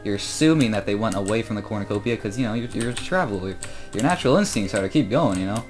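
A sixteen-year-old boy chatting casually through his own gameplay, joking about himself and growing loud and excited when he fights. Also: on the low side, quick pace, over music. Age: teens. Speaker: gamer commentating his own play.

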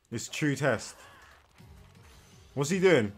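A young man giving casual, animated reaction commentary while watching, tired and yawning, with slangy asides and frequent repeated words. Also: medium pitch, moderate pace, faint music behind. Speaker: anime reaction host. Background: faint anime soundtrack.

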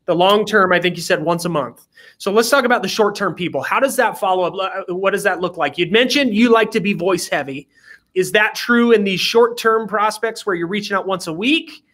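Male podcast host, high bright voice, measured and affirming. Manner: measured, affirming, asks follow-ups. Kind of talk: interview hosting.

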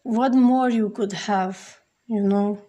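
A woman's voice: mid-range voice, fairly even intonation, takes it slowly, dark tone. A woman giving a casual tarot reading, speaking straight to the viewer and filling her talk with "like" and "you know". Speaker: tarot reader.

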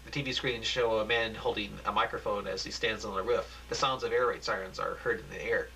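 A man reading the narration of an amateur radio play aloud, halting and restarting over his lines. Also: lowish voice, fairly even intonation, creaky, sharp tone, slight background noise, poor audio. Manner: halting, frequent restarts and fillers.

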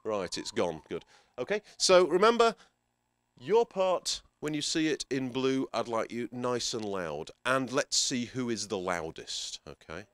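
A man presenting a workshop to a room of teachers, energetic and playful, giving instructions and making quick asides to the audience. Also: medium pitch, smooth, dry recording. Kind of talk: lively workshop talk to teachers. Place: conference room with a live audience.

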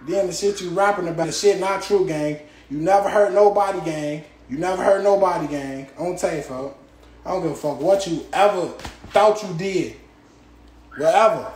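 A man's voice: high-pitched, reverberant, a little hiss or hum. A young man, ranting angrily and profanely at a rival, repeating street tags like "gang" and "on tape". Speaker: rapper ranting on a livestream. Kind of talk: angry ranting rant.

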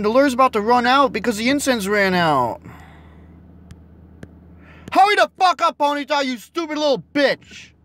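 A young man talking to himself while he plays a phone game, frustrated and swearing, a little hoarse from losing his voice. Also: very high voice, fairly bright tone. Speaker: vlogger playing a mobile game. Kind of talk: casual vlog commentary.

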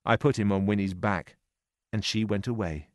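A man narrating a story in a slow, clear reading voice. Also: lowish voice, fairly even intonation, dry recording, studio quality. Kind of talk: scripted narration.

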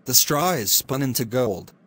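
A man's voice: medium pitch, lively intonation, moderate pace, a bit bright, husky. A man voicing a sly, smug little imp who teases as he bargains.

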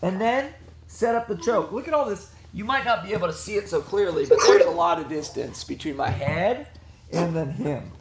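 A man's voice: high-pitched, lively intonation, moderate pace, noisy background. A man teaching a jiu-jitsu class over a video call, teasing students between technique corrections. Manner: joking, teasing coach giving technique corrections. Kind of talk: online class instruction.

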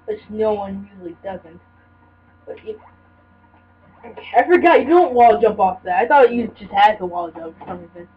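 A woman's voice: medium pitch, normal speed, long pauses. A young woman giving rambling, casual commentary while playing a video game, full of fillers and restarts. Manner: rambling, filler-heavy chatter. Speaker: let's play gamer. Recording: dull lo-fi audio with faint hiss.

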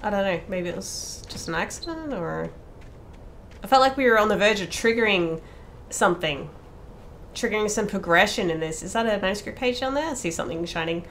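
A woman's voice: medium pitch, lively intonation, brisk, a bit bright, a little hiss or hum. A woman playing a horror game, talking casually to herself, swearing freely and screaming when startled. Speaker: let's play streamer. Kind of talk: casual gameplay commentary.

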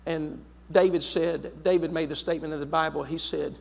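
A man preaching a sermon as pastor, emphatic, repeating his words and swinging between loud and soft. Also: on the high side, fairly even intonation, moderate pace, vocal fry. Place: church sanctuary. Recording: long hall reverb in a church.

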